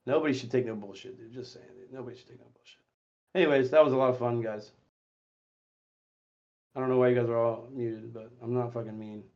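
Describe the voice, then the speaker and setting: A man hosting a voice chat stream, talking in a profane, confrontational way that swings between muttering and shouting. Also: medium pitch, fairly even intonation, fast, pauses often, lo-fi sound. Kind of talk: heated casual voice chat.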